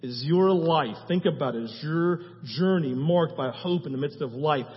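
A man's voice: fairly high pitch, normal speed. A male pastor preaching a sermon in a passionate, conversational way, asking his listeners question after question. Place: church sanctuary. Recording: reverberant hall, slightly dull sound.

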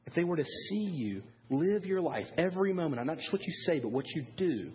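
Animated male preacher telling a story. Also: a little high, fairly quick, dull audio, slight background noise. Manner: animated storyteller, acts out quoted voices. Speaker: pastor. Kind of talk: sermon with storytelling.

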